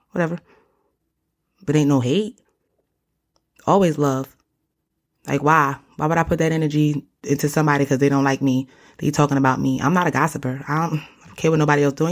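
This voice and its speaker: A young woman hosting a solo podcast, talking casually and animatedly in slang, often calling the listener honey or baby. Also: deep voice. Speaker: podcast host.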